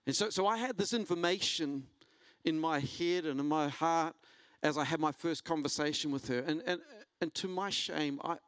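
A man preaching a sermon, telling a personal story and building to an animated delivery. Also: creaky, dry recording. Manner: storytelling, rising in pitch and intensity when preaching. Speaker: pastor.

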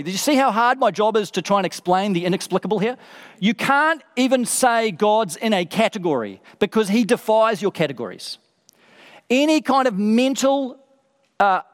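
A man preaching a sermon, emphatic and building through repeated phrases. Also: sits high. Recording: long reverb of a large hall.

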